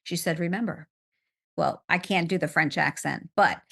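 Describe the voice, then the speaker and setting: Brief: woman instructor, lowish voice with gravelly fry, bright tone, measured and thoughtful in casual chat. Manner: thoughtful and measured, giving advice. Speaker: electrology instructor. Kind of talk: casual conversational podcast chat.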